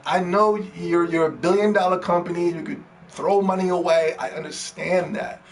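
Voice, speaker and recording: A man's voice: sits high, moderate pace. Man pleading and ranting on a podcast. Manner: pleading and ranting, swings from hushed begging to shouting. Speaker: podcast host.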